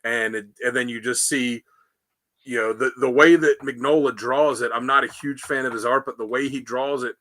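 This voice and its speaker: A man hosting a casual podcast about comic books, telling the stories in a rambling, animated way with lots of fillers. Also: mid-range voice, normal speed. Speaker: podcast host. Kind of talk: casual comic book discussion.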